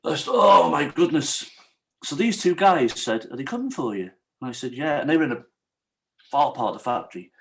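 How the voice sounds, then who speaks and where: A man's voice: mid-range voice, very animated, quick pace, rough recording. A man, a podcast guest, telling a true story in a casual interview and acting out the quoted dialogue.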